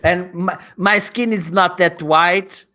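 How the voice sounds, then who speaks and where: A man's voice: sits high, fairly even intonation, slow, sharp tone. Hesitant man from Portugal, muffled audio. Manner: searches for words, hesitant, many restarts. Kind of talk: casual group chat on a video call.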